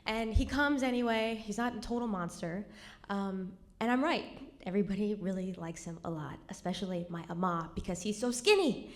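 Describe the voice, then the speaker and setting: A young woman stands before a live audience and tells a personal story. She is wry and conversational, and her voice sinks to a near whisper at the heavy moments. Her pitch sits in the middle of the usual range for a woman. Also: normal speed. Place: cultural center stage before an audience.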